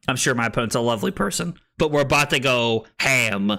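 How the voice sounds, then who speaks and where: A man casually commentating his own card game for a stream, talking to chat as he weighs each play. His voice is bright and forward at an ordinary middle pitch. He chats loosely and turns excitable when a play goes his way. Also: moderate pace, smooth. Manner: chatty, thinks aloud, excitable when winning.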